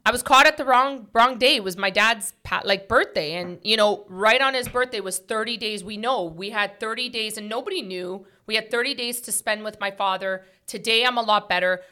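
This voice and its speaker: A woman's voice: medium pitch, moderate pace, few pauses, pushed and bright. A woman hosting a podcast, talking earnestly in a casual heart-to-heart chat, full of "like" and "right?" fillers. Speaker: podcast host.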